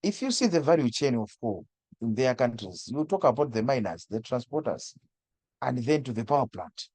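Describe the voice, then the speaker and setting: A man's voice: medium pitch, animated, moderate pace, darkish tone, slightly rough, no room sound. A man from Malawi, a guest speaker on energy, explaining things over a video call with frequent restarts and stammers. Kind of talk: webinar discussion.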